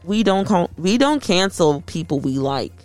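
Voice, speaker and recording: A woman co-hosting a casual chat, talking in a chatty, animated and playful way. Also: on the low side, normal speed, faint music behind.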